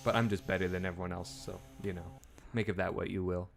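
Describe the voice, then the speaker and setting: A man's voice: low-pitched, little pitch movement, fast, gravelly, faint music behind. Joking man playing on a livestream. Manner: jokey, wisecracking, hums while playing. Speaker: talk show co-host playing a game. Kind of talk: casual livestream gameplay chat.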